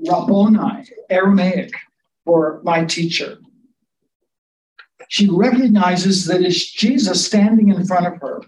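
High-voiced man preaching in a roomy hall. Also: darkish tone, recorded from a distance. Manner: conversational, asks listeners to imagine scenes. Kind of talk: sermon. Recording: roomy sound from off mic with faint ambience.

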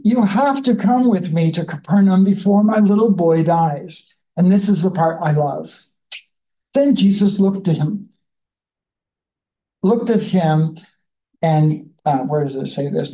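A Bible study leader in a conversational teaching style, reading scripture slowly and then musing about it in a chatty way. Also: medium pitch, dark tone, rough recording.

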